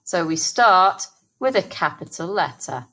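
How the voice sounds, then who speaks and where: An English woman teaching a phonics lesson to young children, sounding out words slowly and encouragingly. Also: fairly low pitch, expressive, bright, forceful tone. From England. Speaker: primary school teacher.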